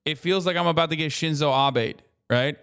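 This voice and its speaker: A man in his thirties talking through a video on his stream, loose and profane, full of tangents and jokes. His voice is clean and smooth, sitting a little above the usual male range. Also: on the high side, brisk, fairly bright tone. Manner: profane, rambling, joking asides. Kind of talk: casual reaction commentary.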